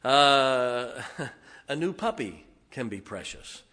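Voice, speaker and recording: A man's voice: mid-range voice, very animated, slow pace, bright, forceful tone. A middle-aged man, a pastor giving a folksy sermon full of jokes and heartfelt asides. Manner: folksy, joking, emotional asides, frequent uh fillers. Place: church sanctuary.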